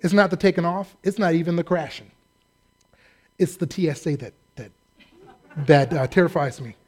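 Male American preacher, high voice, animated and funny in the pulpit. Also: normal speed. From United States. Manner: animated, joking asides and acted-out quotes. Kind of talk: humorous sermon.

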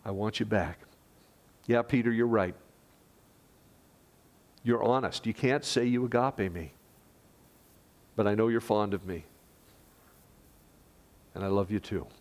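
A man's voice: fairly low pitch, steady tone, unhurried, long pauses. Earnest male pastor preaching. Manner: earnest, conversational, with dramatic drops to a hush. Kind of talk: sermon.

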